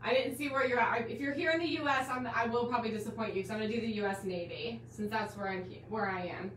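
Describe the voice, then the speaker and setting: A bubbly woman hosting a live online class, gushing over her viewers with a high, bright pitch. She sounds a bit distant from the mic, in a roomy space with a faint hiss behind her. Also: fast. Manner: bubbly, gushing, calls viewers guys and my dear. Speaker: host of a live quilting class stream. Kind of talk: enthusiastic live-stream welcome.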